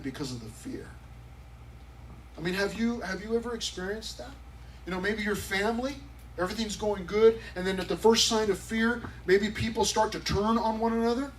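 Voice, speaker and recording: Man, pastor, sermon, high voice, emphatic and conversational, faint background hiss. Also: distant mic, rough recording. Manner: conversational and emphatic, acting out quotes. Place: church youth service.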